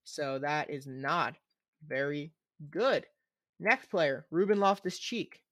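A man's voice: a little high, lively intonation, slow pace, fairly bright tone, no room sound, clean studio sound. Young man teasing while reading ratings. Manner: teasing, reads ratings aloud. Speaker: podcast co-host reading player ratings. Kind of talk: casual podcast chat.

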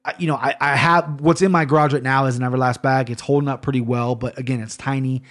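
Podcast host, male, mid-pitched, loose and profane, rambling fight talk. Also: steady tone, quick pace, fairly bright tone. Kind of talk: casual solo podcast chat.

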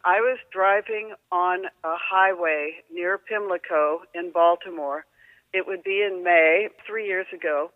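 A woman's voice: fairly low pitch, a little slow, no room sound. Wry woman guest on a dull remote line. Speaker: podcast guest. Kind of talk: casual interview anecdote.

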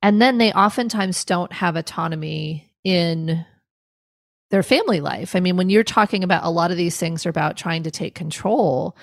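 Gravelly-voiced woman therapist. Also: on the low side, moderate pace, dry recording, clean studio sound. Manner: thoughtful, searching for words, many restarts. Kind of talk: professional podcast conversation.

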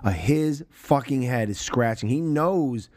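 A man hosting a film podcast, his pitch leaping up and down as he gets excited. He swears freely and slips into quick impressions of movie lines. He has a cough, and the recording is dry and close. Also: no echo. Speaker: podcast host. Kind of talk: casual film discussion podcast.

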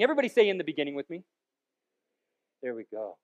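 A male pastor with a high voice delivers a sermon full of playful, wandering asides. His delivery swings between loud, emphatic bursts and softer stretches. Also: sing-song, fast talker, pauses often, highs cut off. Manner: jokey, rambling asides with sudden loud peaks.

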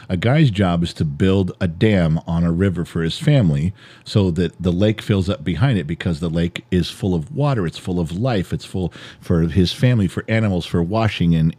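A man's voice: sits low, dark tone. A middle-aged man, a podcast co-host and father, talking through a heated personal monologue in an emphatic, repetitive way and swearing now and then. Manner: emphatic, repetitive, swears, builds an extended metaphor.

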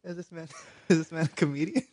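A man's voice: fairly high pitch, dark tone, no room sound. Teasing male radio co-host. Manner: quick teasing reactions, laughs often. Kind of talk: casual comedic radio chat.

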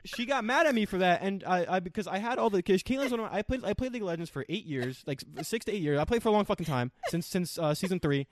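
A young man telling a story in casual chat, profane and animated, acting out quoted lines. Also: high voice, fast talker, hardly any pauses.

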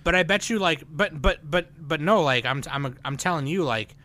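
A man co-hosting a podcast, ranting loudly and profanely, swinging between shouting and muttering. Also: a little high, moderate pace. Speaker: podcast co-host. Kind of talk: casual chat.

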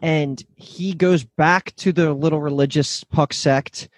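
Man with a slightly high voice, relaxed. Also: slow, no room sound, studio quality. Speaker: podcast co-host. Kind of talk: casual chat about a TV episode.

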